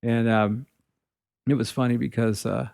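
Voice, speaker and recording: A man's voice: mid-range voice, steady tone, measured pace, creaky, a little mellow, no room sound, studio quality. A middle-aged man, a guitarist, casually telling rambling backstage stories and leaning on "you know" throughout. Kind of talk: casual storytelling.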